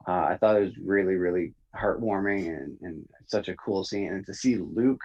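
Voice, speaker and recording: A man co-hosting a review podcast in a casual chat, talking in a relaxed, hesitant way with many fillers. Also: low-pitched, normal speed, husky. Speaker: podcast co-host. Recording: dull lo-fi audio.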